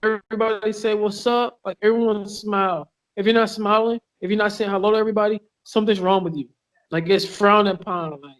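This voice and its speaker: A man with a notably high-pitched voice speaks as a fighter guest on a podcast. He rambles, swears freely and restarts his sentences often, full of fillers. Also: steady tone, fairly quick. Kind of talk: casual podcast interview. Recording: online call with lag.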